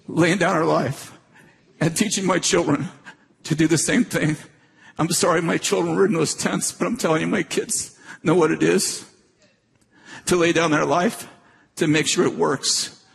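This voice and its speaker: A man's voice: fairly high pitch, vocal fry, breathy edge, long reverb tail. A middle-aged man preaching, telling a personal story in a conversational, emphatic way with frequent restarts. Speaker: pastor. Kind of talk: sermon storytelling.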